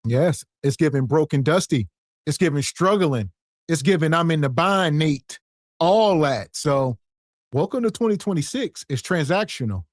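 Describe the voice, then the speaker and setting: A man's voice: fairly high pitch, animated, moderate pace, no echo, studio quality. A man hosting a podcast, casual commentary with sarcastic, slangy remarks. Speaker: podcast host.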